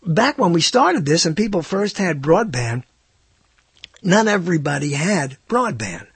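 A man's voice: on the high side, big pitch swings, a little slow, slightly rough, dry recording. A man hosting a live internet radio talk show, rambling and hesitant, with self-mocking asides.

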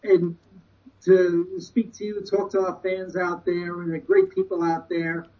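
A man's voice: sits high, flat delivery, unhurried. Earnest male radio guest on a dull line. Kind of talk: casual radio chat.

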